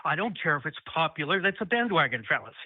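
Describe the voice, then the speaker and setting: A man's voice: on the high side, big pitch swings, quick pace, breathy edge, dry recording. A man calling in to a talk show, defending his position insistently. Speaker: caller. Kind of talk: call-in debate. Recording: dry tinny phone line.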